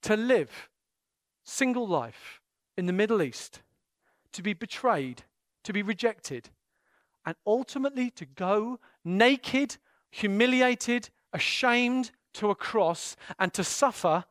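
A man preaching an impassioned sermon and leading prayer in a church, his delivery swinging between hushed intensity and loud, fervent bursts. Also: high voice, no echo, clean studio sound. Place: church meeting room.

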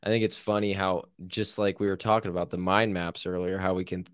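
Give me a very deep-voiced man chatting loosely on a podcast, dry close mic. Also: flat delivery, a little fast, clean tone, dry recording. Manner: laughs easily, rambling, says "you know what I mean?". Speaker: podcast co-host. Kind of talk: casual conversation.

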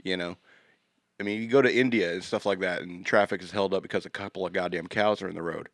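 A man's voice: deep voice, steady tone, quick pace, a bit bright, no echo. Guy on a podcast just rambling and joking around, restarts a lot, dry close sound. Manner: rambling, jokey, trails off and restarts. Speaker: podcast co-host. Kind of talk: casual banter.

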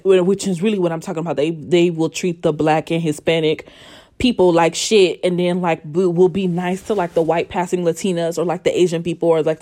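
A woman's voice: on the low side, darkish tone. A young woman hosting a solo podcast from the bed of her apartment, talking candidly, swearing freely and laughing often. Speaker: podcast host. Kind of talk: casual solo podcast monologue. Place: apartment bedroom, working from home.

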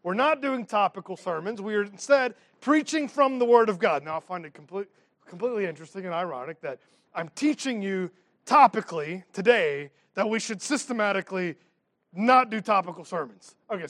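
High-voiced pastor teaching a sermon. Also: male voice, lively intonation, brisk, a bit bright, dry recording. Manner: teaching through scripture with asides and humor. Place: church.

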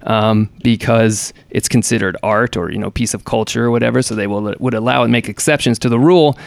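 Gravelly man rambling through gaming news. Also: medium pitch, fairly quick, dry recording. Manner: rambling, hesitant, many fillers and restarts. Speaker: podcast co-host. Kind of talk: casual gaming news chat.

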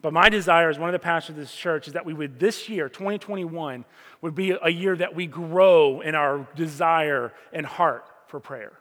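A male pastor preaching a sermon in a relaxed, conversational way, with sudden loud stresses and hushed asides. His voice sits a little high for a man. It rings with long reverb, as if in a large church sanctuary. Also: normal speed. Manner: conversational preaching, swings between loud emphasis and quiet asides.

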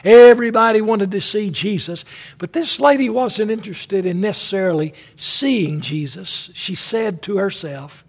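A male preacher giving a dramatic, emphatic sermon in a husky voice, addressing listeners as friend. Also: high voice, moderate pace.

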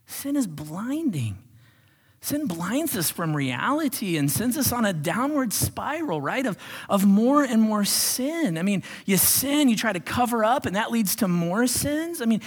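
A man preaching a sermon as pastor, animated, swinging from loud exclamations to hushed whispers. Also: sits high, normal speed. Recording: long reverb of a large hall.

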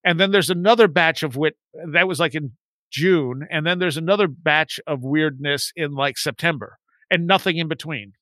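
Guy in his 40s rambling thru a creepy story, bright crisp voice, dry sound. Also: on the high side, normal speed, no room sound. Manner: rambling, animated when quoting friends. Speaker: guest telling a story. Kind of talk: casual storytelling on a podcast.

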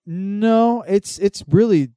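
A man's voice: high voice, takes it slowly, dark tone, dry recording, clean studio sound. A man in his thirties chatting casually as a co-host, telling rambling stories full of swearing and fillers. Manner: rambling, profane storytelling with lots of fillers. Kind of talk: casual chat.

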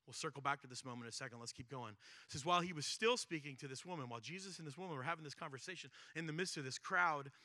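A man preaches with a strikingly bright, fairly high voice. He talks like he's chatting with the room, tossing in "right?" and swinging from loud to hushed. The sound is dry and close. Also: racing, dry recording. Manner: conversational, keeps asking "right?"; animated, shifts between loud and hushed. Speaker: pastor. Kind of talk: sermon.

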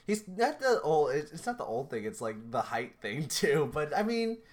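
A young man co-hosting a podcast in casual chat, talking in an animated, rambling way with many restarts. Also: a little high, normal speed. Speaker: podcast co-host.

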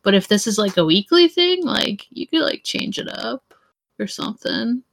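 A woman's voice: a little high, big pitch swings, moderate pace, gravelly, poor audio. A woman playing a tabletop game, hesitant and self-deprecating, rambling. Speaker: player. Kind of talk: casual tabletop play.

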